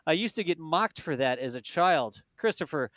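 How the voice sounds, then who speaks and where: A man's voice: fairly high pitch, lively intonation, moderate pace, fairly bright tone, no echo. A man with a South Texas accent co-hosting a live launch stream, chatty and folksy, laughing easily. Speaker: livestream co-host. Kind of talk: casual live commentary.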